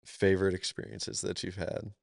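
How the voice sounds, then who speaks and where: Male host, very low voice, jokey, laughs a lot, dry mic. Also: level tone, moderate pace, gravelly, no room sound. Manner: joking, laughs often, self-mocking anecdotes. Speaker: podcast host. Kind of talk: casual interview chat.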